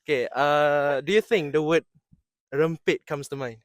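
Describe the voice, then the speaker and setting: A man's voice: a little high, moderate pace, no room sound. A young man from Terengganu with a Malaysian English accent, co-hosting a casual campus chat, joking and self-deprecating with many restarts. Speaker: podcast co-host, university student.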